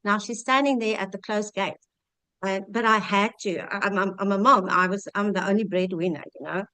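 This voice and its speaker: A woman's voice: medium pitch, steady tone, a little fast, sharp tone, no echo, low-quality recording. A South African woman in her fifties tells her own story as a webinar guest. She speaks earnestly over a video call, often restarting her sentences. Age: 50s. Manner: earnest, heartfelt, rambling with restarts. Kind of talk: personal testimony on a webinar.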